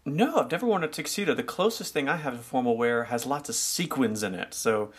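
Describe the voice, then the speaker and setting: A man's voice: mid-range voice, expressive, a little fast, husky. A man co-hosting a podcast, bantering playfully in casual chat. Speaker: podcast co-host.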